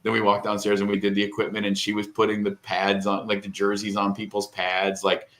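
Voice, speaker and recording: A man's voice: fairly low pitch, monotone, brisk, fairly bright tone. A middle-aged man co-hosting a podcast, telling a long, rambling, emotional story in casual chat and tearing up. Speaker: podcast co-host.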